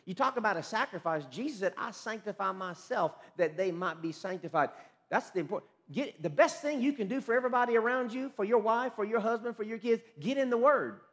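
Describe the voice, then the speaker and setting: High-voiced emphatic preaching man. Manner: emphatic preaching with rapid scripture quotes and call-and-response; bursts into shouts of excitement. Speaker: pastor. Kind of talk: sermon.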